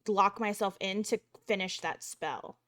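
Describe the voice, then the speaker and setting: A woman player at a tabletop game who talks in a chatty, quick way and often cuts herself off mid-thought. Her voice sits at an ordinary middle pitch. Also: fairly bright tone. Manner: chatty, quick, self-interrupting. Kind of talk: casual tabletop play.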